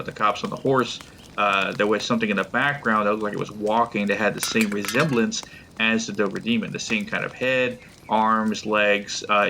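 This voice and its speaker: A man's voice: lowish voice, gravelly, pushed and bright, slight background noise. A man in a casual podcast chat, telling rambling stories with restarts. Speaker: podcast guest.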